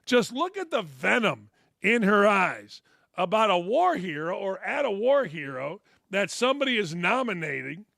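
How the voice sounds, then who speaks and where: This sports talk host speaks high and very animated at a moderate pace, with vocal fry and a bright, forceful tone. His blunt, profane monologue brims with opinions, sarcastic asides, and mocking put-on quotes. There's no room sound; the studio audio is clean.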